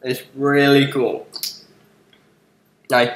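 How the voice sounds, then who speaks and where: Slow-talking man joking through a game. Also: medium pitch, flat delivery, slight background noise. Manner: mumbling, joking, many fillers. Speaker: let's play host. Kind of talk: casual commentary over a game. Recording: echoey room, faint music behind.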